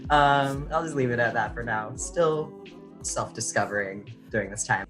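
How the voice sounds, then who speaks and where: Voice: medium pitch, normal speed, music in the background. A speaker talking casually and openly about identity and history in an interview. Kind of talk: personal interview testimony.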